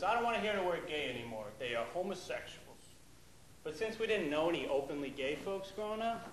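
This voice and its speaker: A young stand-up comedian from the Boston area tells stories in a wry, chatty way, his voice sitting a little high. His voice rings around an echoey club. A packed crowd laughs loudly. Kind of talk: stand-up storytelling.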